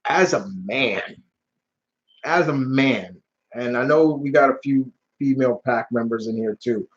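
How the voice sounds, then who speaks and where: A man's voice: mid-range voice, a little slow, slightly rough, lo-fi sound. A man hosting a live question-and-answer stream, chatting casually and telling rambling stories full of slang. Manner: rambling, animated storytelling with slang and restarts. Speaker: YouTube channel host answering live chat questions.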